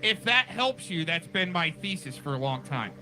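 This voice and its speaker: Male stream host, rambling and conspiratorial, high pitch, sharp bright tone. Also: sing-song, moderate pace, faint music behind, rough recording. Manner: rambling, conspiratorial, talks over the clip. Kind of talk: casual commentary on a restreamed clip.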